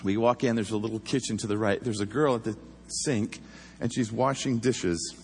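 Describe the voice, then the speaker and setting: A former police officer telling a story in a casual, animated way, acting out the voices he quotes. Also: on the low side, moderate pace, big-room sound, a little hiss or hum.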